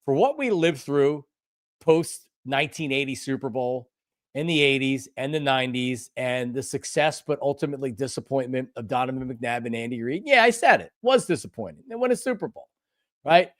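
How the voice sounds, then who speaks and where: An older man hosting a live sports talk stream, passionate and emphatic, repeating himself and at times breaking into shouts. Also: mid-range voice, expressive, normal speed, no room sound, studio quality. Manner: bursts into shouting. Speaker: sports show host.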